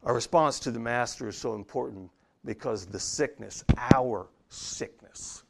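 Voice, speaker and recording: A pastor preaching a sermon, swinging from hushed, intimate lines to loud, emphatic ones. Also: male voice, mid-range voice, a little slow, gravelly.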